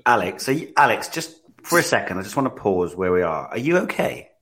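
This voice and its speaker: A man's voice: fairly low pitch, sing-song, a little fast, fairly bright tone. A man co-hosting a casual podcast, teasing the others with dry banter. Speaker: podcast co-host. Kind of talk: casual chat.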